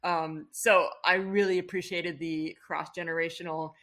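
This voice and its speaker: A woman's voice: fairly low pitch, steady tone, normal speed, a bit bright. A woman chatting on a podcast, gushing and rambling with frequent restarts. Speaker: podcast guest. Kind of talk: casual podcast chat.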